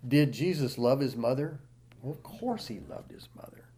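A man's voice: animated, normal speed, slight background noise. Man preaching a Bible sermon. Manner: rises loud and high reading scripture, drops quiet and low explaining. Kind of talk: sermon, reading and explaining scripture.

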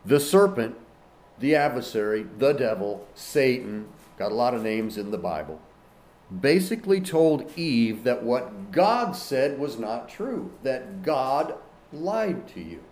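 Male preacher, measured delivery, pitch rising and falling a lot, emphatic and questioning. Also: very animated, a little mellow. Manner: emphatic, questioning, reads scripture aloud. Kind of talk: sermon.

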